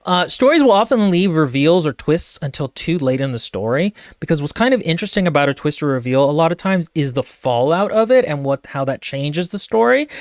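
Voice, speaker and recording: A man's voice: a little high, no room sound, clean studio sound. A man co-hosting a podcast, talking casually and with strong opinions about a book, full of fillers and restarts. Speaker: podcast co-host.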